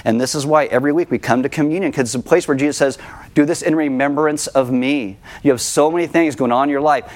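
A male pastor preaches in an easy, conversational way with mid-range pitch. He jokes at his own expense, then slows down to land his points. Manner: conversational, self-deprecating, slows for emphasis. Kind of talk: sermon.

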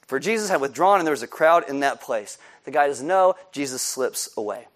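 A male pastor preaching a sermon in an animated way, acting out scenes with voices. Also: mid-range voice, a little fast.

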